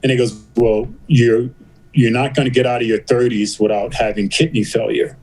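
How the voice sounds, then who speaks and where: A middle-aged man talks candidly as a guest on a podcast, his voice at an ordinary middle pitch. He tells his story by replaying what was said, slipping into other people's lines in quick back-and-forth exchanges. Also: little pitch movement, a little mellow, poor audio. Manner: retells dialogue with doctors in quoted back-and-forth.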